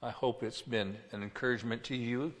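A man preaching a sermon as pastor, reading scripture slowly and stressing words with emphasis. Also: medium pitch, fairly even intonation, big-room sound.

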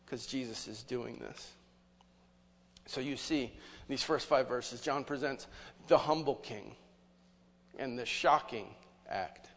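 Male pastor, sermon, chatty rhetorical style, voice a touch high, big sanctuary echo. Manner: conversational preaching with rhetorical questions. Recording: long hall reverb.

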